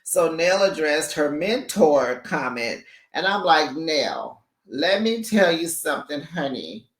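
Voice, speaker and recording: A reality show recap host in casual chat, sassy and animated, who laughs often and calls listeners honey and baby. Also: medium pitch, takes it slowly, roomy sound.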